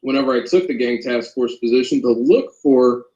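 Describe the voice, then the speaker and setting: A man's voice: medium pitch, moderate pace, dark tone, reverberant, lo-fi sound. A man, a former corrections officer, speaking as an interview guest, earnest and polite. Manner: earnest, polite, addresses host as ma'am. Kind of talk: interview over a call.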